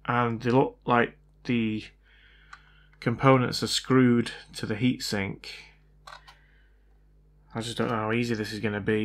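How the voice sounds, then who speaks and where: A man's voice: medium pitch, a bit bright, slight background noise. A man talking through a repair as he works, thinking aloud and often unsure of himself. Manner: hesitant, unsure, self-doubting. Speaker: hobbyist repair vlogger. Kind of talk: casual thinking-aloud commentary.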